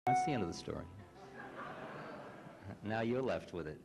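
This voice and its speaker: A man's voice: on the low side, lively intonation, moderate pace, vocal fry, music in the background. A man who is a spiritual teacher and author tells stories and reads aloud to a live group. He makes wry, self-deprecating asides. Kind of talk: storytelling talk and reading aloud.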